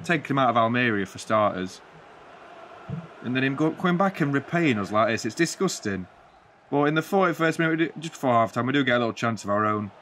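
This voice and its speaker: A man's voice: mid-range voice, a bit bright, slight background noise. A man giving rambling, jokey play-by-play commentary on a football video game, breaking into mock-commentator flourishes. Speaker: gaming channel host.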